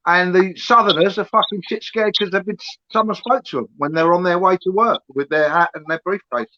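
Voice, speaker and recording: A man's voice: high voice, a little fast, sharp tone, dry recording. A middle-aged man talking in a blunt, sweary rant during a casual podcast chat. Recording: dull lo-fi with faint hiss.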